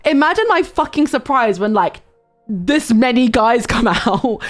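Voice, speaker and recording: A young woman streamer telling a long story in a casual, animated way, swearing and breaking into sudden high squeals. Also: unhurried, soft background music.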